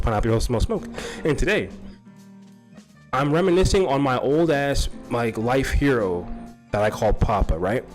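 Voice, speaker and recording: A male host chats in a loose, rambling way, swearing freely and laughing often. His pitch jumps all over the place as he talks. Soft music hums faintly in the background. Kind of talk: casual talk-show chat.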